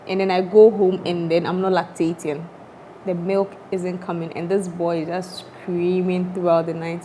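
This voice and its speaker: A woman's voice: fairly low pitch, level tone, moderate pace, warm tone, slight background noise. A woman who is a doctor and mother, talking openly on a talk show about life after giving birth. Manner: open, reflective storytelling. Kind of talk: candid talk-show chat.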